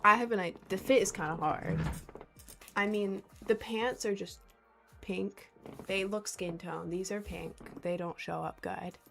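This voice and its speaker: A woman's voice: mid-range voice, steady tone, a little slow, gravelly, music in the background. A young woman livestreaming, chatting casually and reading out viewers' comments with frequent laughs. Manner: rambling and giggly, reading out chat.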